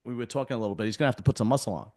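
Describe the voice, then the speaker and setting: A man's voice: medium pitch, very fast, darkish tone. A man hosting a casual interview, talking in a conversational, opinionated way. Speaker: host.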